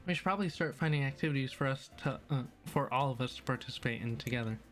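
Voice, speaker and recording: A man's voice: medium pitch, fast, a bit bright, soft background music, lightly acted. Man doing a shy, bookish teen girl. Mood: polite.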